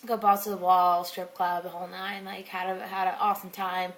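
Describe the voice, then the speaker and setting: A woman's voice: on the low side, level tone, a little fast. A young woman telling a rambling personal story in a casual vlog, full of fillers and asides. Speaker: blogger telling personal stories.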